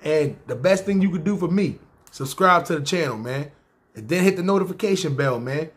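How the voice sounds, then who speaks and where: This is a New man who narrates his own life to camera. He speaks in loose street slang and keeps checking in with "see what I'm saying." His voice sits a bit higher than most men's. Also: expressive, brisk. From New York. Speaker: YouTube storyteller. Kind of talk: casual personal storytelling.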